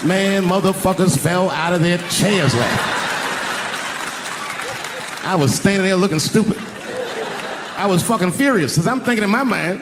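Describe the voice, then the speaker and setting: An older man telling a profane, animated stand-up story on an arena stage, acting out voices as the crowd laughs. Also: high-pitched, moderate pace, pauses often. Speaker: stand-up comedian. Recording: live arena recording with crowd noise. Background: crowd laughing and cheering.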